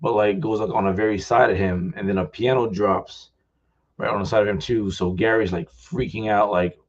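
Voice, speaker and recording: A man with a lowish voice talks loosely about his book, stringing his thoughts together with "like" at every turn. His talk is excitable and casual. The sound is dull and lo-fi, from a live festival recording. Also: normal speed, a little hiss or hum. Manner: rambling, loaded with "like"; excitable, thanks the crowd warmly. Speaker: author.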